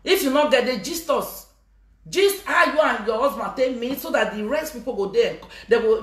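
A woman with a Nigerian Pidgin English accent talking in a live-stream monologue, teasing her viewers, laughing and breaking into chants. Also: medium pitch. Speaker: social media personality. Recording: echoey room.

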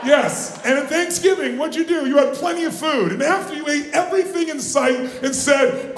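A man giving a live motivational seminar, booming and exhorting, pushing the audience to shout answers. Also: normal speed, few pauses. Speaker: motivational speaker. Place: large conference room with audience. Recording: echoey live room with faint noise.

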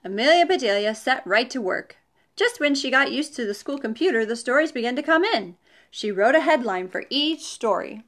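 A woman's voice: fairly high pitch, expressive, normal speed, a bit bright. A woman reading a children's storybook aloud, with chatty asides to the young listeners.

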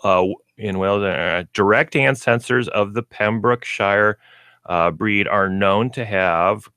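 A man co-hosting a casual pet radio show, reading aloud haltingly and stumbling over hard words. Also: lowish voice, sharp tone, smooth, dry recording. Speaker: co-host, pet store representative.

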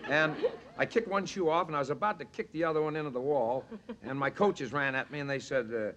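A man's voice: on the high side, brisk, fairly bright tone, muffled recording, a little hiss or hum. Brief: man guest telling baseball stories. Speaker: talk show guest. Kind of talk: anecdote-telling chat. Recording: 1963 studio show, audience behind.

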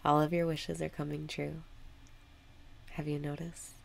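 A woman talks a listener through a guided meditation in a low voice. Her delivery is slow and calm, with a strong gravelly fry running through her speech. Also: slight background noise.

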